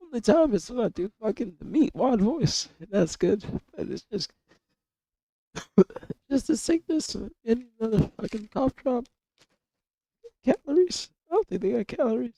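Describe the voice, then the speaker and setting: A young man streaming live with a hoarse, cracking voice from illness, rambling and swearing in casual chat. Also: very high voice, very animated, measured pace, pauses often, mellow, no echo. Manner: coarse, rambling, swears a lot, repeats himself.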